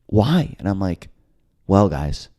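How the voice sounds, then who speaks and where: Animated young man telling a story. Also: low-pitched, slow pace. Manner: animated storyteller acting out quotes. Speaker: podcast co-host. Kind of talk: casual storytelling.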